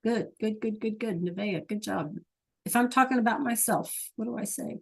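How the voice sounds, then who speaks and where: Patient teacher woman, higher voice. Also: normal speed, gravelly, darkish tone. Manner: patient, coaxing, asks many questions. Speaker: Spanish teacher. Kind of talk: online class lesson.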